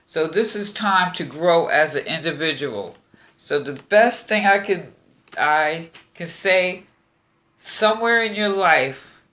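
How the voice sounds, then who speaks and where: A woman talks through an astrology and tarot reading. She takes her time with a very slow, unhurried pace and circles back over her points as she gives gentle advice. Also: on the low side. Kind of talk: casual spoken reading.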